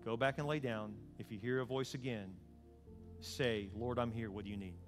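A man doing a soft-spoken old priest. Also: medium pitch, steady tone, normal speed, soft background music, voice pushed down, natural voice. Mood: gentle. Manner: soft, hushed guidance. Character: old male priest, gentle and patient.

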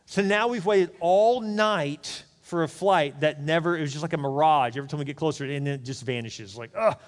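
A man's voice: on the high side, a little fast, in a large hall. A man preaching a sermon, telling a candid personal story in a chatty, conversational way, with asides to the congregation. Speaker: pastor. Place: church.

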